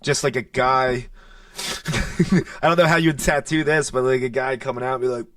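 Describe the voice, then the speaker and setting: A man's voice: mid-range voice, steady tone, normal speed, fairly bright tone, no room sound, clean studio sound, far from the mic. A man in his thirties from South Jersey, a comedian guest on a podcast, rambling in a laid-back way with lots of fillers. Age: 30s. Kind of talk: casual comedy chat.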